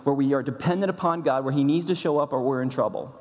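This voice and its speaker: A man preaching a sermon, emphatic and measured, repeating his key phrases for weight. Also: medium pitch, a little mellow, long reverb tail. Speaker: pastor.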